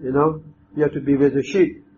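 A man preaching a sermon, speaking in a measured, emphatic way with pauses and fillers. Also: fairly high pitch, flat delivery, dark tone, slight background noise. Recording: dull lo-fi with faint ambience.

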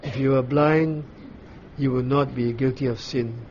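A man preaching a sermon, explaining scripture slowly, pausing often and asking his listeners questions. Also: medium pitch, steady tone, a little mellow, highs cut off, a little hiss or hum. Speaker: pastor. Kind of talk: sermon, Bible teaching.

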